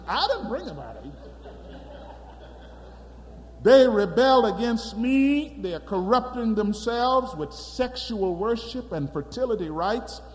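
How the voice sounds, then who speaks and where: A man voicing God as an exasperated, angry deity, speaking with emphatic force. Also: extremely high pitch. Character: God, upset and angry with his people. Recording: long hall reverb.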